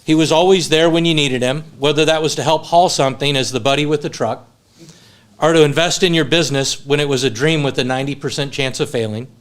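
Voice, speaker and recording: At a funeral home, a man gives a memorial speech for his friend in a voice on the high side, with fairly even intonation and a quick pace. He tells funny stories and then moves into sincere tribute.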